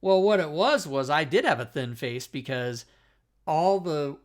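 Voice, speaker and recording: A talk show host tells a story in casual chat, his voice on the high side with lively intonation and an unhurried pace. He rambles, swears, and keeps interrupting himself.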